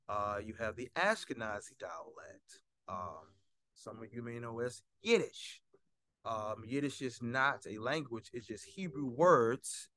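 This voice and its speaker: Bright-voiced man teaching casually. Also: medium pitch. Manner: relaxed, loose delivery with many fillers; slow, careful reading of Hebrew prayer. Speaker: Hebrew teacher. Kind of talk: casual spoken lesson.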